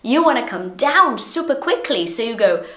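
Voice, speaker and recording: A woman whose first language is Portuguese, teaching an English pronunciation lesson to camera in a playful, animated way and repeating words slowly to demonstrate. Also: fairly high pitch. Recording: echoey room.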